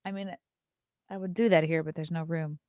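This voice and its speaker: A woman in her thirties hosts a casual morning stream, reading news items and reacting to viewer comments. She talks in a fairly low voice and sounds chatty and opinionated. The sound is dry and close, with no room echo. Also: steady tone, fairly quick, darkish tone. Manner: chatty and opinionated, reacts to chat, yawns often. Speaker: host of a morning talk stream.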